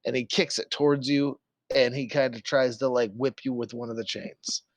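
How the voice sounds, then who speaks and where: A man's voice: mid-range voice, steady tone, normal speed, no room sound. A young man narrating a tabletop game as game master, in a loose, casual storytelling manner full of fillers.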